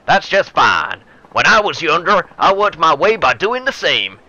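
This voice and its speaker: A man voicing a folksy, boisterous older male politician in a put-on Texan accent, loud and drawling. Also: on the high side, sing-song, unhurried, dry recording, pitched above the performer's own voice, exaggerated voice. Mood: hearty. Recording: dull lo-fi with faint noise.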